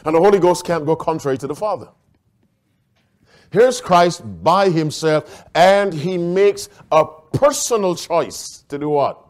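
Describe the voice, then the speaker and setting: A middle-aged man preaching a sermon. He quizzes the congregation and has them read verses aloud, slowing to a hush for emphasis. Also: fairly high pitch. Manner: slows down and drops to a hush for emphasis.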